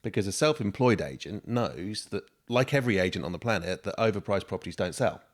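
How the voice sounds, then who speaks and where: Give me a man with a low, lively voice asking probing questions on a podcast. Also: fairly quick. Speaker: podcast co-host. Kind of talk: casual conversational podcast.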